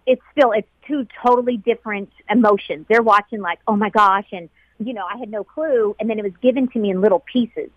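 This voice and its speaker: A woman who was once a flight attendant recounts her story in an interview, her voice halting and close to tears as she repeats herself. The recording is dry and somewhat muffled, with a dull, lo-fi sound. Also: medium pitch, no room sound. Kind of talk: emotional personal recollection.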